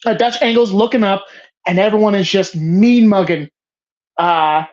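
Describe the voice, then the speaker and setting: A woman's voice: mid-range voice, normal speed, darkish tone. A woman hosting a casual movie show, talking passionately with frequent swearing and restarts. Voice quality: emphatic, profane, rambling with restarts. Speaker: host of a movie bracket show. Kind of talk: casual, passionate film talk. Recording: slightly dull lo-fi sound.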